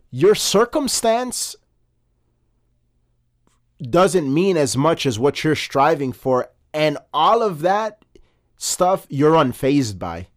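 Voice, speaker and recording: Male podcast co-host telling stories. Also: on the high side. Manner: storytelling, halting with many fillers. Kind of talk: casual chat.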